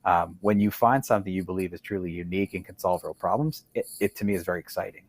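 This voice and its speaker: A middle-aged man, a guest in a casual interview, making animated, opinionated points and tagging them with "right?". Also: low voice, fast.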